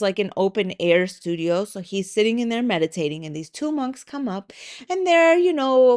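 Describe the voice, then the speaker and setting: Lively, casual woman podcast host. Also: a little high. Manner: lively storytelling with swearing and voiced asides; conversational, with frequent likes and ums. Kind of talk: casual solo podcast talk.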